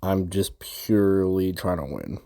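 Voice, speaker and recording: Slow, low-voiced swearing young man. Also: expressive, vocal fry, mellow. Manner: profane, rambling, slangy. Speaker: gamer recapping a session. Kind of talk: casual ranting storytime. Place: his own room.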